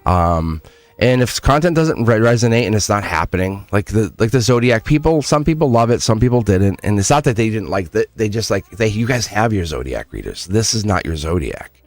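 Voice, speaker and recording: A man reads tarot on a live stream, speaking briskly at a fairly low pitch with no room sound. He's animated and chatty, laughs often, and talks straight to his viewers.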